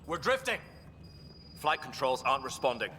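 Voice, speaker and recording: A man's voice: medium pitch, sing-song, normal speed, bright, forceful tone. An actor with a Scottish accent playing a tense starship crewman who gives clipped, urgent damage reports in a video game. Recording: reverberant game audio with hum.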